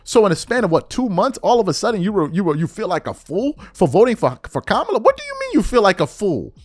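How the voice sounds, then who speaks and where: A man's voice: sits high, huge pitch swings, quick pace, no room sound, soft background music. A middle-aged man hosting a political commentary monologue, incredulous and full of rhetorical questions.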